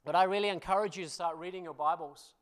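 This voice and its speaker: A man with a fairly high voice preaches to his congregation. He tells stories in an animated, self-deprecating way, laughing at himself, and keeps checking in with his listeners. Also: fast. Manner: addresses congregation with frequent "you know" and "hmm?". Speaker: pastor. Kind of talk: storytelling sermon.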